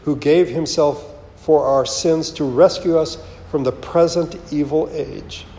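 A man giving a slow, measured, solemn sermon as pastor, reading scripture aloud. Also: on the high side, fairly even intonation, dark tone, slight background noise. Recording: roomy with long reverb.

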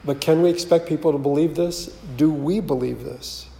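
A man's voice: fairly high pitch, vocal fry, dark tone. Solemn man preaching in echoing hall. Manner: slow, measured and solemn. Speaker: pastor. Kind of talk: sermon with scripture reading. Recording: roomy with long reverb.

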